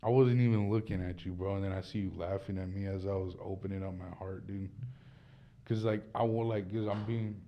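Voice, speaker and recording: A man's voice: sits low, fairly even intonation, brisk. A man hosting a casual comedic monologue, rambling and slangy, calling everyone bro and dude. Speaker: host. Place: small room indoors. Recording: dull muffled recording.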